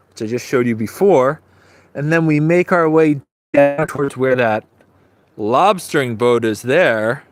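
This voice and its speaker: Holding his phone outdoors, a man gives a casual livestream tour of a small seaside village, speaking in an unhurried, chatty way and letting phrases trail off. His voice is slightly high, and there's no room sound; he's a live-streaming travel vlogger.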